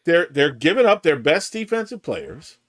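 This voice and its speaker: Expressive male sports podcaster laying out points. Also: a little high. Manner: measured, builds points in lists. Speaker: podcast co-host. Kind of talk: casual sports chat.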